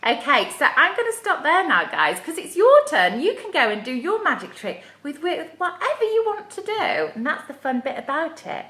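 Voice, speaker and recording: A woman's voice: sits high, very animated, moderate pace, hardly any pauses, fairly bright tone, echoey room. A woman leading a live craft playalong for young children, encouraging and sing-song. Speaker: children's activity leader. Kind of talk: live interactive kids' playalong. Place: home room, livestream.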